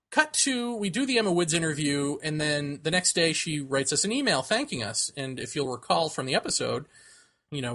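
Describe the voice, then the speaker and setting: A man co-hosting a podcast, telling a long personal story in casual chat. His voice is bright and sits a little high for a man. He laughs often and acts out the people he quotes. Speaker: podcast co-host.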